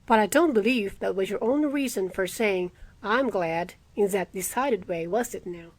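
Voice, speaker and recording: A woman voicing a teasing, good-natured wealthy young man in an audiobook reading, with a lively, coaxing way of talking. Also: medium pitch, normal speed, no echo, close to an everyday voice.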